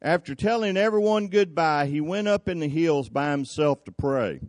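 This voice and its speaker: A man's voice: on the high side, lively intonation, normal speed, a little mellow, no room sound. A man preaching a folksy sermon, telling the scripture like a story and acting out the people in it. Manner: folksy, drawling storyteller who acts out the scripture. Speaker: preacher at a cowboy church.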